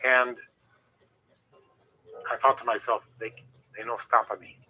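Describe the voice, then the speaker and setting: Bright-voiced man telling rambling stories. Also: medium pitch, a little slow, slightly rough, low-quality recording. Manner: rambling, animated anecdotes with restarts. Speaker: interview guest, former wrestler. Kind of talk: casual storytelling.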